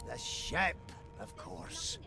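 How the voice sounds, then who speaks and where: An actor playing a curt, commanding male dwarf in a video game. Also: extremely slow. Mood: gruff. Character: gruff stern male dwarf on a ship. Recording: game audio with music behind.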